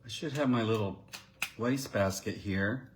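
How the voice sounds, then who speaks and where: A man's voice: fairly low pitch, moderate pace, slight background noise. A man giving a live card-making demonstration, chatting and thinking aloud as he works and talking directly to his viewers. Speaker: crafting demonstrator.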